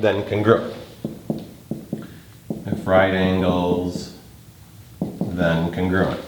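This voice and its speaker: A man teaching a geometry lesson, thinking aloud as he works through a proof step by step. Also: on the low side. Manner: slow, thinking aloud while working a proof. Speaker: math teacher. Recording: roomy recording with faint noise.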